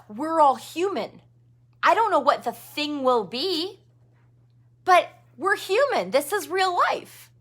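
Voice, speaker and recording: A woman's voice: fairly high pitch, bright, forceful tone. A woman giving a candid, emphatic motivational talk to her sales team, with fillers and mild swearing. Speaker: direct sales team leader.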